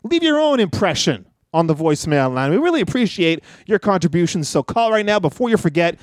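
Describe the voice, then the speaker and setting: A playful man co-hosting a podcast, bantering and reading promos in a high, lively voice that swoops up and down. The sound is dry and close, with no room around it. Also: brisk, no echo. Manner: playful, doing goofy impressions. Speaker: podcast co-host.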